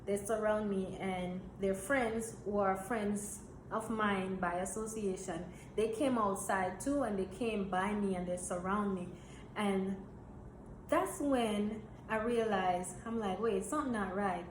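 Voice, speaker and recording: A young woman from Jamaica, telling a story in a blunt, animated, swearing way. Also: medium pitch, takes it slowly. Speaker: vlogger. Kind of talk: storytime vlog. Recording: roomy echo, faint hiss.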